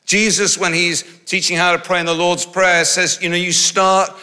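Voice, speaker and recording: A middle-aged man preaching in a large hall, his bright, forceful voice ringing out with a long reverb. He talks in a lively, conversational way and slips in humorous asides between his points. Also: sits high, moderate pace. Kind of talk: sermon.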